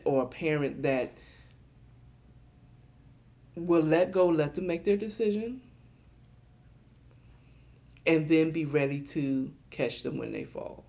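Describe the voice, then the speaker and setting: A middle-aged woman, a podcast guest, talking casually and lively, acting out little voices as she tells stories. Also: deep voice. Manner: animated, acts out voices in quotes. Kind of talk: casual chat.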